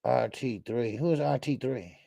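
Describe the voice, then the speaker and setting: A man hosting a casual boxing talk stream, animated and profane, rambling through stories, laughing and answering the chat. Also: mid-range voice, normal speed, gravelly, dry recording, studio quality. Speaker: boxing talk show host. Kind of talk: casual live-stream commentary.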